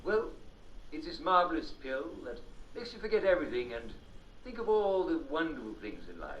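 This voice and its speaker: A man's voice: fairly high pitch, sing-song, fairly quick, fairly bright tone, a little hiss or hum. An actor playing an upbeat, showy male talk show host with an English accent and chuckling TV patter. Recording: roomy, distant, dull game audio.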